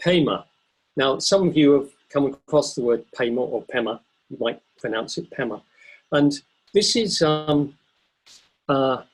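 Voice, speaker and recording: Guy giving a buddhist dharma talk, kinda husky voice, calm and thoughtful, lots of ums. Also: medium pitch, poor audio. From Britain. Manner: thoughtful, unhurried, pauses with ums and self-corrections. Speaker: Buddhist teacher.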